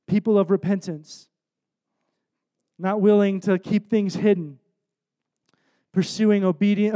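A man's voice: high voice, mellow, smooth, lo-fi sound. A young man preaching a sermon in an earnest, conversational way, telling an emotional personal story. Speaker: worship leader preaching.

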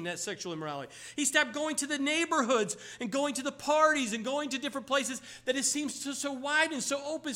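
Bright, high-voiced man preaching. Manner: storytelling, exclaiming, emphatic. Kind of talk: sermon.

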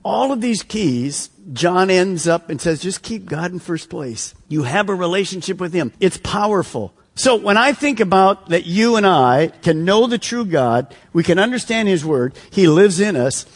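A man preaching in a church, moving from pointed questions to quiet, earnest calls. His voice runs a little high and carries a husky edge. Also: animated, moderate pace, hardly any pauses. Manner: emphatic preaching, rhetorical questions, drops to soft earnest appeal. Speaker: pastor. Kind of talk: sermon. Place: church sanctuary.

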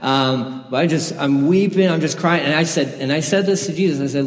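A man's voice: a little high, fairly quick, few pauses. A man preaching a sermon in an earnest, conversational way, sharing his own story with the congregation. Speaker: pastor. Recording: echoey hall with long reverb.

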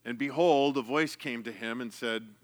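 A man's voice: mid-range voice, normal speed. A man preaching a sermon in a conversational way, reading scripture and repeating himself as he explains. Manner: conversational preaching with repetitions and asides. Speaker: pastor.

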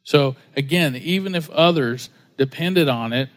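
A man preaching a sermon in a relaxed, joking storytelling way, slipping into other people's voices as he tells a story. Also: fairly high pitch, unhurried. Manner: conversational, jokey, acts out quoted voices. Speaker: pastor.

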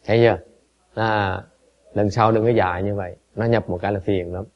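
Halting man giving a dharma talk. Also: fairly low pitch, steady tone. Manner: halting, repeats words, switches between two languages. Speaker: Buddhist teacher. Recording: dull lo-fi recording.

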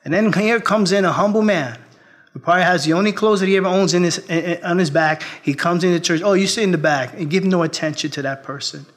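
Man, pastor, sermon, slightly high voice, earnest, shifting loud and hushed. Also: quick pace. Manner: earnest preaching, swings from loud appeals to hushed storytelling. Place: church.

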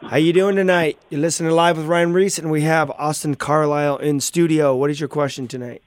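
A male call-in radio host keeps things upbeat and loose, full of casual slang. His voice is a little higher than usual for a man. The room sound is dry. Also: little pitch movement, a little fast, no room sound. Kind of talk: live call-in radio hosting.

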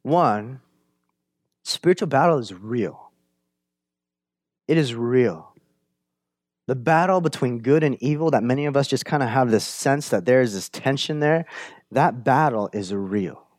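A man preaching a sermon, conversational and animated, often asking "right?", swinging from emphatic bursts to hushed lines. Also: a little slow, long pauses, no room sound. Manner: animated, builds up to emphatic high-energy retelling, drops to hushed low lines. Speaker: pastor.

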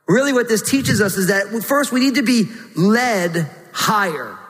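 A pastor gives an earnest sermon in a high, ringing voice. His tone rises into pleading whenever he voices a prayer. The sound carries a long reverb, as if recorded in a large hall. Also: animated, measured pace, few pauses, a bit bright. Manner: earnest preaching, rising to a pleading pitch when voicing prayers.

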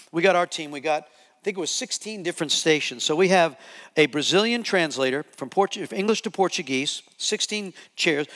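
Guy preaching, kinda high voice, telling stories and acting out the quotes, long hall echo. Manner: lively anecdotal storytelling, acts out quotes. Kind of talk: sermon storytelling.

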